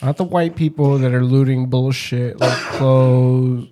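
A man's voice: medium pitch, fairly even intonation, unhurried, dark tone. A man in casual chat who argues his point heatedly and swears freely. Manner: heated, profane and argumentative.

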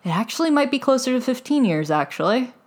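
A woman's voice: a little high, sing-song, fast talker. A woman hosting a casual solo podcast, chatty and self-deprecating, laughing often as she talks. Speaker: podcast host.

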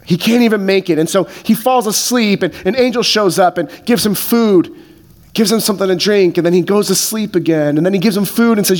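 A man's voice: sits high, a little fast. A man preaching a sermon as a pastor. He speaks in a casual, joking way with many fillers.

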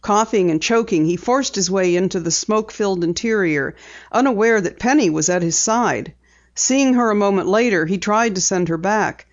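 A reader giving steady, measured narration of a mystery novel. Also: mid-range voice. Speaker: audiobook narrator. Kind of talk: scripted narration. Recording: dull lo-fi recording.

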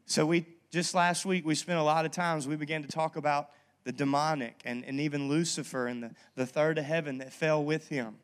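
A man preaching a sermon as pastor, talking in a casual, lively storytelling way and checking in with the congregation. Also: on the high side, brisk. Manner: conversational, lively storytelling with frequent "okay?" asides. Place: church.

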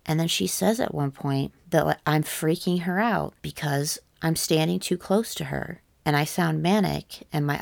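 Low, gravelly young woman telling a story. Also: no echo. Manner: earnest and halting, full of "like", casual swearing. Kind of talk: candid personal storytelling.

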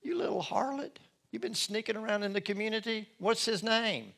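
A male preacher voicing scornful, gossiping townsfolk scolding a disgraced girl, in a shrill, raised voice. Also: fairly quick, gravelly, a bit bright, full character voice.

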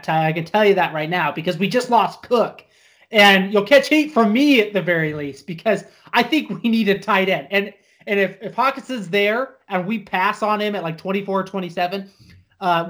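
A man co-hosting a podcast in casual chat, animated and peppering his talk with "like". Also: high voice. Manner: animated, many filler "like"s, quick laughs. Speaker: podcast co-host.

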